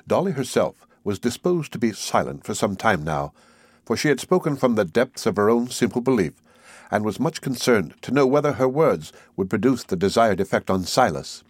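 A man narrating a classic novel as an audiobook in a measured, even storytelling way. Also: on the low side, breathy edge, dry recording.

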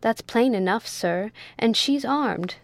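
A woman voicing a polite, measured young male first mate in a storybook reading, in a dry close sound. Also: on the high side, expressive, dry recording. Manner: respectful, measured.

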